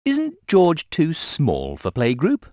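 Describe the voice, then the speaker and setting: A man reading a storybook and putting on the high, sing-song voice of a bossy little girl piglet. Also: huge pitch swings, takes it slowly, a little mellow, dry recording, studio quality, heavily acted. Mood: unsure.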